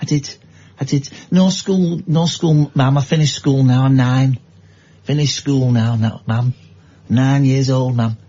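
A man's voice: mid-range voice, steady tone, a little slow, dark tone, dull audio, pitched below the performer's own voice, natural voice. A man putting on the voice of a poor nine-year-old mill child, begging his mam over and over. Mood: plodding. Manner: whiny, repetitive begging.

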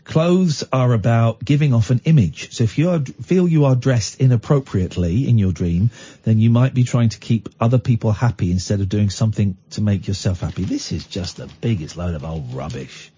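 A man's voice: mid-range voice, a little fast, dark tone, husky. A man hosting a casual radio chat show, teasing and sarcastic, telling stories with lots of animation. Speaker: radio host. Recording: dull lo-fi radio sound.

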